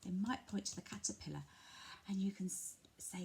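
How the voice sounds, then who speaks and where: An English woman from a family centre explains to parents how to share a picture book, talking gently and patiently and switching to a bright sing-song voice when modelling words. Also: mid-range voice, brisk, vocal fry. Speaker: family centre early language worker. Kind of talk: instructional talk to parents, demonstrating a picture book.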